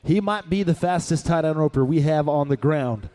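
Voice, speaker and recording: High-voiced hyped rodeo announcer man. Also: normal speed, mellow, no room sound. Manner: hyped, punchy play-by-play calls. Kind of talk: live rodeo commentary.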